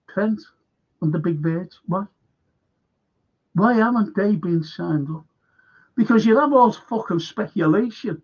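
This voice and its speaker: A slow, drawn-out man with a gravelly, husky voice rants in a heated talk-show monologue, swearing at every turn and circling back over his points. The sound is dull and lo-fi. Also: high-pitched, lively intonation. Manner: heated, swears constantly, repeats himself. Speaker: host of a fan football show.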